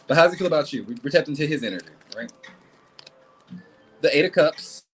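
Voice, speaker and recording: Blunt, animated male tarot reader. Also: fairly high pitch, quick pace, soft background music, poor audio. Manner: blunt, animated, swears and laughs a lot. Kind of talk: casual live tarot reading.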